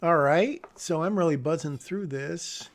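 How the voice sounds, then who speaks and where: Gravelly, rambling man talking through his script. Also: on the high side, measured pace, a little hiss or hum. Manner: rambling, self-interrupting, chuckles at himself. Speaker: screenwriter vlogger. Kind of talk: casual commentary while screen-sharing a script.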